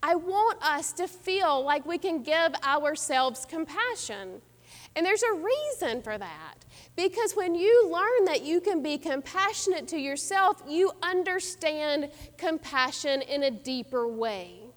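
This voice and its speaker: Animated high-voiced woman preaching in a reverberant hall. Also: a little slow. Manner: earnest, reflective preaching. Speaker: pastor. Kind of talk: sermon.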